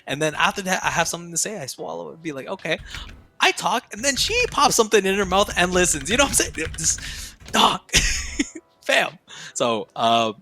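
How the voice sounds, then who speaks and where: A man's voice: sits high, sing-song, moderate pace, vocal fry, pushed and bright. A young man, a streamer guest on a podcast, talking casually with heavy profanity and slang, laughing often.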